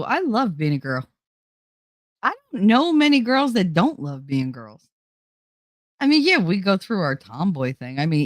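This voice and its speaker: A woman's voice: mid-range voice, no room sound, studio quality. A middle-aged woman hosting her own show, chatting casually with viewers, laughing often and swearing freely. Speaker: host.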